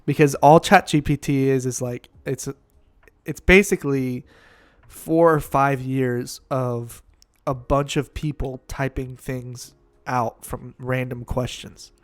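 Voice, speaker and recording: A man's voice: mid-range voice, steady tone, slow pace, dry recording. A man co-hosting a casual podcast, explaining in a rambling way with lots of fillers and laughs. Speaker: band teacher and podcast co-host. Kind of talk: casual chat.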